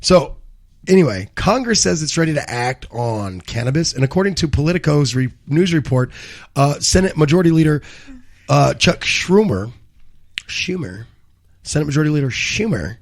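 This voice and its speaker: Casual male co-host, gravelly voice, wanders off track and swears freely. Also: a little high, very animated, moderate pace. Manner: rambling, profane, self-correcting. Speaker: co-host of a live cannabis news show. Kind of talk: casual live show banter and news commentary.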